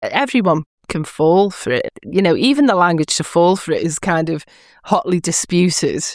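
A woman's voice: fairly low pitch, animated, normal speed, no room sound. Chatty British woman, dry close sound. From Britain. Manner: chatty, emphatic, with laughs. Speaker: podcast guest, social engineer. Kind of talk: casual chat.

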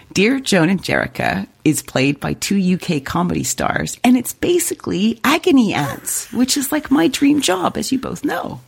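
A woman's voice: on the low side, vocal fry, husky. A woman co-hosting a podcast, chatting casually and telling a story in a bubbly way. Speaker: podcast co-host. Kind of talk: casual chat.

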